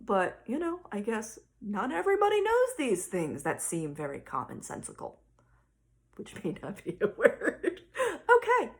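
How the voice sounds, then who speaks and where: A woman in her thirties, a mother casually telling a story to camera, animated and exasperated as she acts out the conversation. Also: fairly high pitch, a little slow. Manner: animated, exasperated retelling with quoted dialogue.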